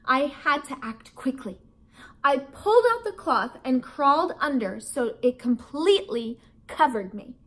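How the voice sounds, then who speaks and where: Expressive woman reading a children's book. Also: high-pitched, unhurried. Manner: expressive, storytelling. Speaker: teacher reading aloud. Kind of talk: children's book read-aloud.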